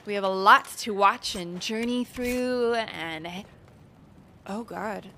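Giggly female streamer, slow and easy delivery, clear bright voice, chatty with her viewers. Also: mid-range voice, slight background noise. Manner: giggly, chatty, greets chat by name. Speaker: game streamer. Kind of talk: casual let's-play commentary.

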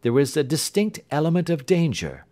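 A man reading an audiobook who voices a keen, confident Victorian male detective, raising his voice and explaining briskly. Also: fairly high pitch, voice pushed up. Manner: brisk, lively, lecturing.

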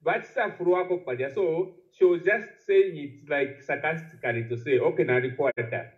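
Male caller, slightly high voice, hesitant, heard over a tinny phone line. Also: lively intonation, brisk. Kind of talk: phone-in comment.

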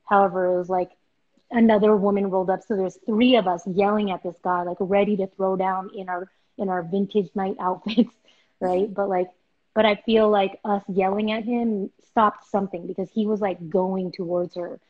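A young woman hosts a casual live chat, animatedly telling stories and performing the voices of the people in them. Her medium-pitched voice has fairly even intonation and a moderate pace, sounding somewhat dull and lo-fi over a video-call connection.

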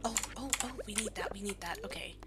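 A woman's voice: medium pitch, fast talker, very noisy. A young woman giving casual, self-deprecating commentary while playing a game, laughing often. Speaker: gaming video creator. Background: keyboard clicks and typing.

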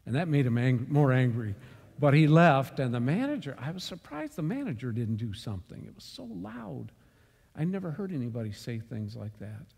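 A man teaches a church Bible study in a mid-pitched voice. He tells his story with sudden loud bursts for emphasis. The sound carries a long church hall reverb. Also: big pitch swings, normal speed, vocal fry, slightly rough. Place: church meeting room.

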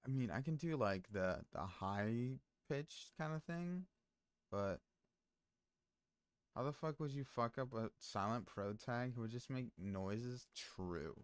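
A man's voice: medium pitch, unhurried, no echo, studio quality. A man streaming, chatting casually with his viewers in a rambling way full of fillers and restarts. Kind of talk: casual stream chat, reading chat aloud.

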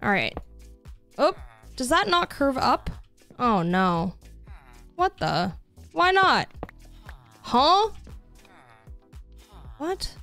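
A woman's voice: sits high, big pitch swings, extremely slow, long pauses, bright, forceful tone, faint music behind. A young woman streaming a building game, chatting casually and upbeat with lots of fillers. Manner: chatty and upbeat, many fillers, reads chat aloud. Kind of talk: casual live-stream chat.

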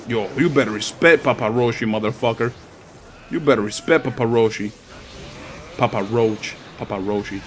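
A young man giving casual gameplay commentary, swearing and trash-talking as he plays. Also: lowish voice. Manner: profane, trash-talking, excitable. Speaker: gaming commentator.

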